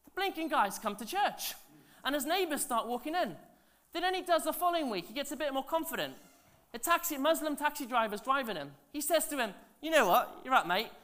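Animated pastor preaching. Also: male voice, very high voice, a little fast. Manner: animated, swings between loud and hushed; chatty, asides to the congregation. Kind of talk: sermon storytelling.

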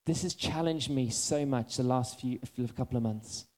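A man in his thirties preaching a sermon, earnest and building to excited urgency. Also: medium pitch, moderate pace.

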